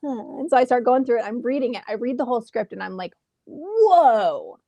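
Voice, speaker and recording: A woman in her thirties, an actress telling a lively story in a casual interview from home over a video call, acting out the exchanges she quotes. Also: fairly high pitch, quick pace, no room sound. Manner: animated, acts out quoted exchanges. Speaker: actress guest.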